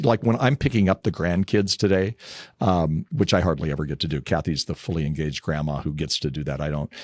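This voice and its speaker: A man's voice: low-pitched, no room sound, studio quality. An older man, a guest in an interview, chatting through anecdotes about his family and laughing as he tells them. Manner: chatty, anecdotal, laughs while telling stories. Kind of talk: casual interview storytelling.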